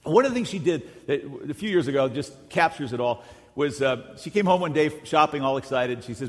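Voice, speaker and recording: A middle-aged man preaching a sermon as a pastor, emphatic, rising to loud peaks and dropping to quiet asides. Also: medium pitch, expressive, a little fast. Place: large church sanctuary. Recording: long hall reverb in a large church.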